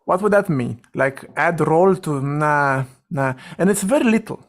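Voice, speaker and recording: A man's voice: fairly high pitch, lively intonation. Man talking through code aloud. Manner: thinks aloud, directive, quick asides. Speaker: session facilitator. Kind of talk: guiding a live coding session.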